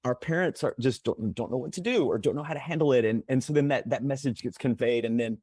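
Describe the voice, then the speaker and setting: A man's voice: mid-range voice, fast talker, darkish tone, slightly rough, no room sound. A man with an ordinary mid-range voice talks on a podcast, restarting and repeating words while building everyday analogies. His voice is recorded close and dry. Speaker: mental health podcast speaker. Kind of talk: podcast conversation.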